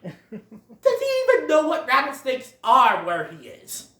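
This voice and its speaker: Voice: high-pitched, wildly swooping pitch, takes it slowly, a bit bright, slight background noise. A movie reviewer giving a casual, giggly play-by-play of a cartoon film, recorded in a roomy space away from the mic. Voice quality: chatty, giggly retelling with quoted lines. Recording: roomy echo, distant from mic.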